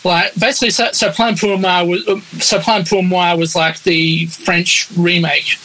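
Brief: male co-host, bright edgy tone, a bit husky, meandering explanations. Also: high voice, flat delivery, unhurried, poor audio. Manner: rambling, many restarts. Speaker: podcast co-host. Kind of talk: casual chat.

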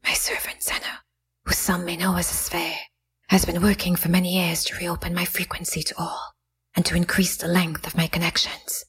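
A woman voicing an ancient goddess in a soft, breathy whisper, whispered role-play. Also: on the low side, completely flat delivery, moderate pace, heavily acted. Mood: solemn. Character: ancient female goddess, serene and all-knowing.

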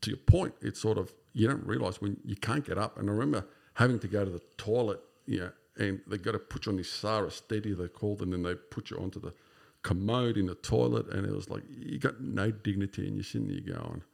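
A deep, gravelly man in his fifties, chatting as a podcast guest. His voice is a bit husky. He swears often and keeps checking in with "right?" while he tells a story. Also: lively intonation, fast talker, few pauses, darkish tone. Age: 50s. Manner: swears freely, ends lines with "right?". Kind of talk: casual storytelling chat.

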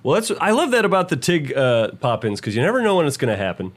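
A man's voice: on the high side, huge pitch swings, quick pace. A man co-hosting a podcast, chatting casually in a playful, teasing way and laughing often. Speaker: podcast co-host. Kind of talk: casual chat.

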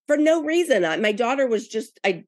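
A woman's voice: on the high side, big pitch swings, brisk, no echo, clean studio sound. A middle-aged woman chatting as a guest, hesitant and restarting her words, sounding aggrieved. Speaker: podcast guest. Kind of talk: casual rewatch chat.

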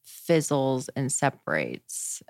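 A young adult woman speaking casually as a podcast guest, chatty and animated, with frequent filler words. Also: extremely low pitch, slow, dry recording, studio quality. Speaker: podcast guest, wellness practitioner. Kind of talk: casual conversational interview.

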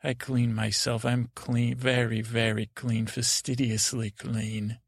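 A prim, inquisitive male cat in a storybook tale , as a man puts him on. He is particular about his fur and full of questions, and his voice is gravelly and dry. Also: medium pitch, level tone, takes it slowly, no room sound. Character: fastidious, curious male talking cat.

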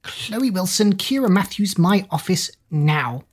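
A woman's voice: medium pitch, lively intonation, unhurried, husky, voice pushed up. A woman voicing a stern, bossy middle-aged headmistress, prim and commanding.

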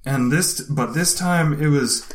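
A man's voice: a little high, unhurried. A man telling a funny story in casual talk, swearing and laughing as he goes. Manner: animated, swears often, laughs through the telling.

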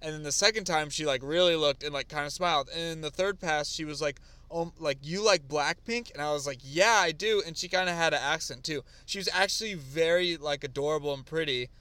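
A man co-hosting a casual podcast, rambling through stories with plenty of fillers. His voice sits a bit high and comes through smooth and resonant. The room is dry, with no reverb. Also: fast, hardly any pauses. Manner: animated storytelling with lots of fillers. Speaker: podcast co-host. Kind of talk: casual chat.

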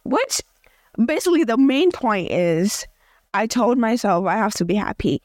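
A woman's voice: on the high side, very animated, a little slow, darkish tone, no room sound, studio quality. A young woman from Africa hosting a casual audio journal podcast, chatty and rambling with many fillers and restarts. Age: young adult. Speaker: podcast host.

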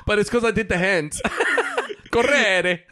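A man co-hosting a casual podcast, excitable, laughing often and swearing freely. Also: high-pitched, measured pace. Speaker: podcast co-host. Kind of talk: casual banter.

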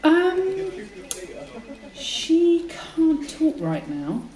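A woman's voice: very high voice, wildly swooping pitch, extremely slow, dark tone, roomy sound, full character voice, poor audio. An actress playing a scatterbrained, blunt female talent agent in a radio comedy. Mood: breezy.

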